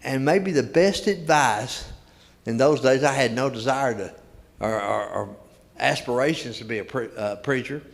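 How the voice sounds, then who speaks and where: A man's voice: mid-range voice, a little slow, gravelly. An older man preaching a sermon in a church, telling stories in a folksy way and repeating key words for emphasis. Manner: folksy storytelling, emphatic repetition. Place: church sanctuary. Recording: long reverb of a church hall.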